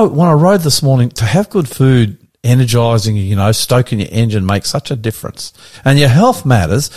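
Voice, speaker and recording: Chatty Australian pastor hosting radio. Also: male voice, medium pitch, darkish tone. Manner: chatty, self-deprecating, frequent restarts. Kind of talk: casual radio chat.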